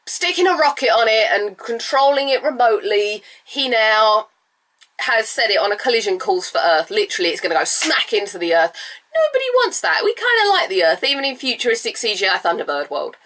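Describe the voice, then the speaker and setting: Woman, stuffy cold, slightly nasal, raspy throat, casual chatty recap, bright voice, pitch jumps up when excited. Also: normal speed. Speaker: vlogger reviewing a TV episode.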